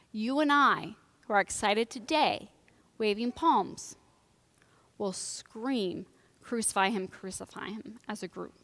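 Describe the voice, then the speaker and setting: Animated woman preaching in a reverberant church. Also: fairly high pitch. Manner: animated, swings from loud and excited to hushed and grave. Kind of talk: conversational sermon. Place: church during a live service.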